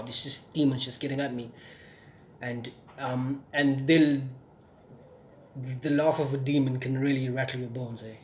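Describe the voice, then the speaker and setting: An earnest young man from South Africa recounts his testimony at a middle pitch, often pausing on fillers and restarting words, with a slight stutter. Faint noise sits behind his voice. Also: fairly even intonation. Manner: stutters sometimes. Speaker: testimony speaker. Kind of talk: personal testimony.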